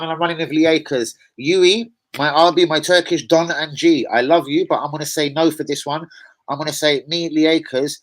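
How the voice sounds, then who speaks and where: A man's voice: a little high, steady tone, brisk, rough recording. A man hosting a live football fan stream, chatting casually, reading out viewer comments and swearing freely. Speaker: fan channel host. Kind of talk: live football preview chat.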